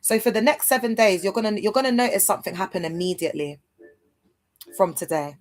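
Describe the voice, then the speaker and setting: A woman's voice: medium pitch, fast talker. This is a woman talking live to her viewers from home. Her chat is loose and rambling, and she keeps breaking off to address the audience directly. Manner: rambling, chatty, talks straight to viewers. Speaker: livestream host. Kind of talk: casual livestream chat to viewers.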